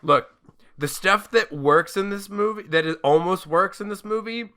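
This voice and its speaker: A man's voice: sits high, normal speed, bright, forceful tone, smooth. A man co-hosting a podcast, chatting casually, rambling and swearing often. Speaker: podcast co-host. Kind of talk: casual chat.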